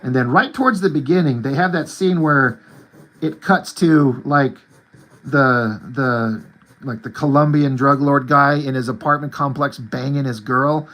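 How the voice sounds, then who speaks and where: A man's voice: mid-range voice, measured pace, a bit bright. A man in his forties hosting his own art channel, chatting casually and with enthusiasm about movies and comics, rambling and saying "like" a lot. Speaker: artist and channel host.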